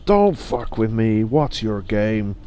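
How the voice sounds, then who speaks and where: A man's voice: fairly low pitch, big pitch swings, takes it slowly, warm tone, slight background noise. A man voicing a hostile male street thug who speaks in a blunt, threatening way. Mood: menacing.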